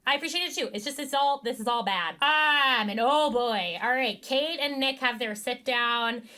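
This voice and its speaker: A young woman co-hosts a casual recap chat in a bright, slightly high voice. She tells stories with energy and acts out what people said, swearing freely. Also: normal speed. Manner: animated storytelling, quoting people with voices, swears. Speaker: podcast co-host.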